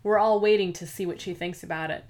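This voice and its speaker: A woman voicing a curious, friendly young male lab technician in an audiobook, speaking briskly and helpfully. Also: lowish voice, fairly even intonation, a little mellow, natural voice.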